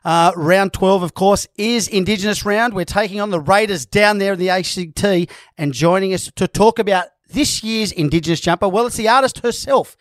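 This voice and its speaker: A man presenting a club radio show in a jokey, upbeat way. His voice sits a bit high, and the mic is close and dry. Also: moderate pace, no echo. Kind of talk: casual sports chat.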